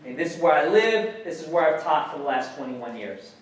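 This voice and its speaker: Animated male lecturer in an echoey hall. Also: on the high side, brisk. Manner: animated, questions the audience, swears casually. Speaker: guest speaker, educator. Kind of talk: public lecture. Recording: echoey hall, mic some distance off.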